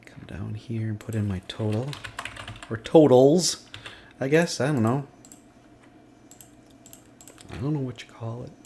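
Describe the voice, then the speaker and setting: A man's voice: mid-range voice, darkish tone, slight background noise. Man muttering through a spreadsheet demo. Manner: thinking aloud, muttering to himself. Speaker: instructor. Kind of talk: screen-recorded spreadsheet demo. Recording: faint clicking and typing behind.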